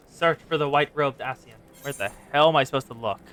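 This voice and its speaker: A game streamer talks to chat in casual, rambling commentary, at a middling pitch. The talk skips between reactions to the game and long asides, with frequent restarts along the way. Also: fast, few pauses, a bit bright, faint music behind. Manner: chatty, rambling, addresses chat.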